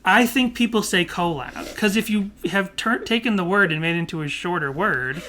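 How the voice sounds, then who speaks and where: A man's voice: sits high, normal speed, sharp tone, a little hiss or hum. A man co-hosting a podcast, chatting casually and playfully ranting about a pet peeve. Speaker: podcast co-host. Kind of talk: casual chat.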